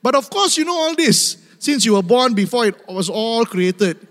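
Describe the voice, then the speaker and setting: A man's voice: very high-pitched, animated, moderate pace, voice pushed up. A male preacher voicing God as a stern, sarcastic questioner, heard in a reverberant hall. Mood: sarcastic challenge.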